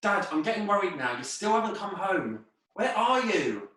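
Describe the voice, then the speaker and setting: A man's voice: sits high, very animated, normal speed, a bit bright. A man playing a worried teenage boy home alone in a live improv comedy, fretting and anxious. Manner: anxious and fretful. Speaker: improv performer. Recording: very echoey room over a video call.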